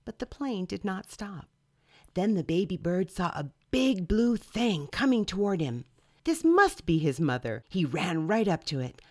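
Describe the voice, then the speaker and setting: A woman reading a children's picture book aloud in an expressive, sing-song way. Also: mid-range voice, moderate pace, no room sound, clean studio sound. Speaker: storyteller.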